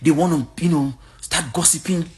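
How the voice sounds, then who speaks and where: A woman's voice: sits low, moderate pace, warm tone. A woman from Africa giving blunt, outspoken commentary in a casual vlog. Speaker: vlogger.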